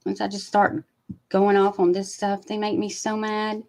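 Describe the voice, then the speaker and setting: A woman giving blunt, animated live commentary, swearing freely and sharing strong opinions. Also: medium pitch, moderate pace, rough recording. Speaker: commentary host. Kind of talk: casual live trial commentary.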